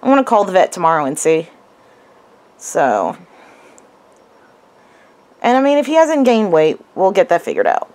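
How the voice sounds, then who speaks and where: A woman's voice: lowish voice, huge pitch swings, moderate pace, pauses often, a little mellow. A young woman vlogging casually, giving her dog short firm commands and sing-song praise.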